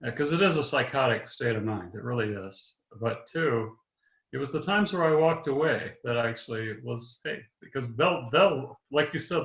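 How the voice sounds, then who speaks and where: A man's voice: mid-range voice, creaky, fairly bright tone, roomy sound, dull audio. A man in a class discussion, speaking frankly and conversationally over a video call. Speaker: class participant. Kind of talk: casual discussion.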